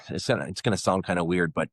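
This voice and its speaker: A middle-aged man talks in a loose, rambling podcast chat and pokes fun at himself. His voice sits fairly low. The sound is dry and close, with no room in it. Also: no room sound. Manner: rambling, self-deprecating humor. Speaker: podcast co-host. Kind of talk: casual chat.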